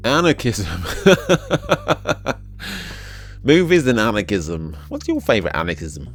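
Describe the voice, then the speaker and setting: A man's voice: mid-range voice, huge pitch swings, slow pace. A man in his forties giving casual gameplay commentary, reading the game text aloud with chatty, wry asides. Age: 40s. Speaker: game video host. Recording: faint background music.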